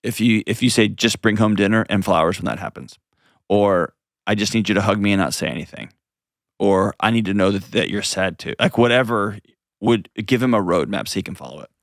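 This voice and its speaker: A fairly quick, lowish-voiced man hosts an advice call-in show, coaching a caller in an earnest, gentle way. Thinking aloud, he keeps restarting his sentences. The studio sound is dry and close, with no echo.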